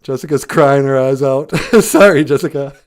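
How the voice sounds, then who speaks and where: A man's voice: medium pitch, normal speed, a little mellow. A man hosting a casual live stream, reading out viewer comments, often chuckling and thinking aloud in a reflective way.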